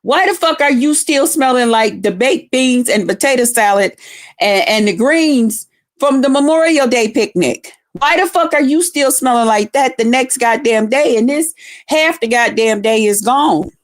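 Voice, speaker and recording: A woman's voice: a little high, lively intonation, normal speed. A woman livestreamer chatting casually with her viewers, telling rowdy stories full of cursing and greeting people by name. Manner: profane, rowdy storytelling with heavy cursing; talks straight to viewers, greeting them by name. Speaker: livestreamer talking to her chat. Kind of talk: casual live chat.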